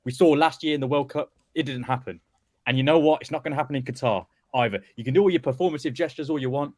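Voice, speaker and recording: A man's voice: medium pitch, very fast, a little mellow, no echo. A man giving brash, teasing football banter in a casual chat. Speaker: football pundit.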